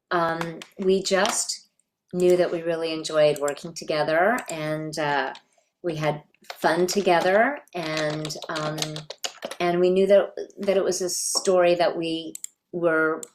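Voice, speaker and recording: Reflective middle-aged woman, lower voice. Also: fairly even intonation, slow, a little hiss or hum. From Canada. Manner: reflective, thoughtful storytelling. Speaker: voice actress guest. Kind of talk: reminiscing interview.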